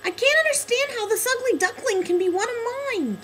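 Guy putting on a super high shrill mother duck, worried, swoops all over. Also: animated, brisk, pushed and bright, slight background noise, heavily acted. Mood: fretful. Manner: worried, scolding.

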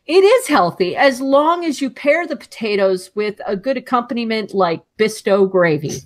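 A woman co-hosting a podcast in casual chat, talkative and quick to laugh. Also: on the high side, animated. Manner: chatty and laughing, with fast asides. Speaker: podcast co-host.

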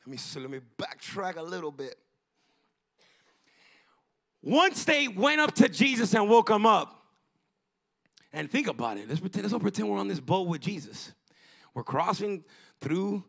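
A male pastor delivering a fervent, emphatic sermon that rises into bursts of shouting. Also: high-pitched, creaky. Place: church.

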